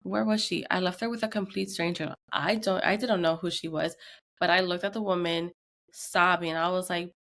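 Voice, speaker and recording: A woman's voice: lowish voice, moderate pace. A woman in her thirties, a podcast co-host, telling a tense family story in casual chat and acting out the quotes. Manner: animated retelling with acted quotes.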